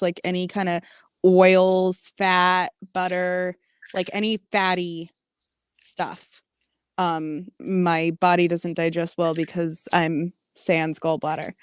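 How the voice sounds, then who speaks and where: A woman's voice: on the low side, level tone, slow, clear, resonant tone, dry recording, clean studio sound. A woman joining a live stream as a guest, talking casually with many ums and some swearing.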